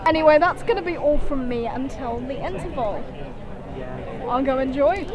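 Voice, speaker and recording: A woman's voice: sits high, moderate pace, a loud crowd. Gushing young woman vlogger. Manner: excitable, gushing, rambling. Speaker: theatre vlogger. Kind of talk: casual chat to camera. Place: theatre auditorium and lobby. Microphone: phone held for self-filming.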